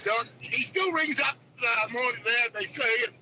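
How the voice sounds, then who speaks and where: High bright Australian caller on the phone. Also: male voice, moderate pace, a little hiss or hum, rough recording. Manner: rambling, says mate a lot. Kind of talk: talkback radio call.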